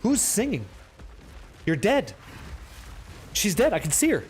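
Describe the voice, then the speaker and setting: Dude streaming, pretty high voice, hyped and cussing, talking to chat nonstop. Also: male voice, measured pace, a little hiss or hum. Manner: excitable, profane, bantering with chat. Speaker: game streamer. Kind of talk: live gameplay commentary chatting with viewers.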